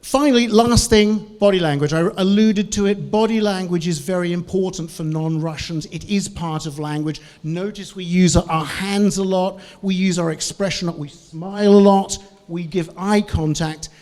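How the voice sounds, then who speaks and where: Animated male conference speaker. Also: sits high, normal speed, few pauses. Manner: animated, varies tone and tempo. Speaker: conference speaker on English for Russians. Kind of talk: lively conference talk.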